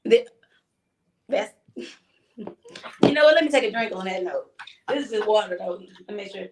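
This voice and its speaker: A woman, co-hosting a podcast and telling stories in an animated, chatty way with frequent laughs. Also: mid-range voice, normal speed, a little hiss or hum. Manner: animated, chatty storyteller who laughs often. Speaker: podcast co-host. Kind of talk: casual chat, storytelling.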